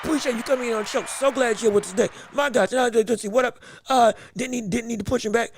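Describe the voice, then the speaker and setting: A man hosting a live boxing podcast stream, talking excitedly, laughing, restarting his sentences and calling out greetings to viewers in chat. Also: very high-pitched, fast talker, background noise. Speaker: podcast host.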